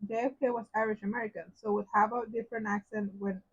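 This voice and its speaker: A woman co-hosting a live stream, reading viewer comments aloud softly from a little way off the mic. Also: on the high side, level tone, quick pace, slightly rough. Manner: soft-spoken, a bit off-mic. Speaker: co-host reading chat. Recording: dull lo-fi audio, off-mic.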